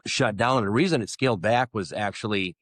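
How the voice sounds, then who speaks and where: Guy on a podcast, lowish voice, rambly and joking about himself, dry close mic. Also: animated, fast, no echo. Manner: rambling, self-deprecating humor. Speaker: podcast co-host. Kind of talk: casual chat.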